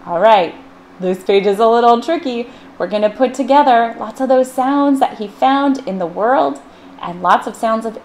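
A woman librarian with a mid-range, slightly mellow voice reads a picture book aloud to children, acting out the sound words with playful, sweeping changes in voice. Some faint background noise is present.

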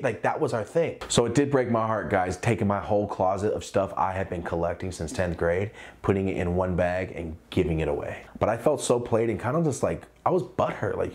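A man's voice: sits low, a little fast, hardly any pauses. A young man telling a story in a casual, profane way, acting out the people he quotes. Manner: animated, profane, acts out quotes. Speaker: clothing brand owner and vlogger.

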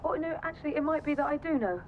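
A wounded wife, bitter and cutting, her voice fairly high. She comes through a muffled phone line with a faint hiss. She speaks with cold, controlled anger. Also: expressive, quick pace. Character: hurt, cold wife confronting her husband.

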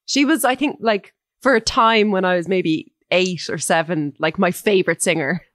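An Irish woman co-hosting a music podcast in casual chat, animated and emphatic with strong opinions. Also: fairly low pitch, normal speed, no room sound. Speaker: podcast co-host.

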